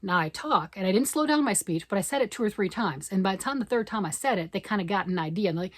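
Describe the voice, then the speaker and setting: A woman from Michigan, a yarn vlogger chatting excitedly and fast to camera, rambling off on tangents. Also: medium pitch, dry recording. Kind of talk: casual chat to camera.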